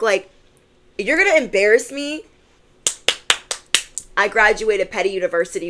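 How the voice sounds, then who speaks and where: A woman's voice: mid-range voice, unhurried, pauses often. A young adult woman, a tarot reader, chatting casually to camera, playful and acting out the people in her stories. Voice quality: animated, playful, acts out voices.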